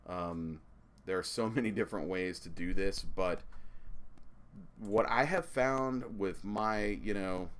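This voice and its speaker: A man in a casual hobby vlog, rambling and relaxed with many restarts and fillers, sometimes talking around a pipe in his mouth. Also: low voice, slow pace. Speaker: pipe tobacco reviewer. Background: ceiling fan.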